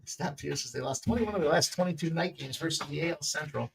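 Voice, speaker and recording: A man hosting a sports betting picks show, talking casually in a loose, jokey way with bursts of loud excitement. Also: fairly high pitch, quick pace, gravelly, noisy background.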